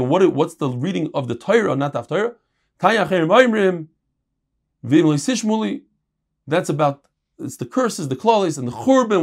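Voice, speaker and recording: Man, casual Talmud teacher, gravelly voice. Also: on the high side. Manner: reads quick Aramaic passages, then explains them in casual English. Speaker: Torah teacher. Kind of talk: Talmud class.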